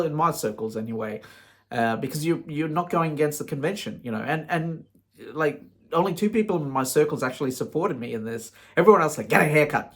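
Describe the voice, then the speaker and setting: A man speaking casually to camera, frank and rambling, with many "you know"s as he tells stories. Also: medium pitch. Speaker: vlogger. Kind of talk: casual storytelling monologue.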